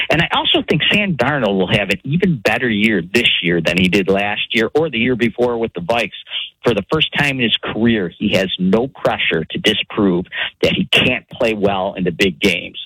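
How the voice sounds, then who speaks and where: A man's voice: on the low side, pushed and bright, slightly rough, no echo, low-quality recording. A man calling in to a sports radio show from upstate New York with an earnest, prepared take. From Syracuse area, US. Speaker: caller. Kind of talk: caller sharing a sports opinion.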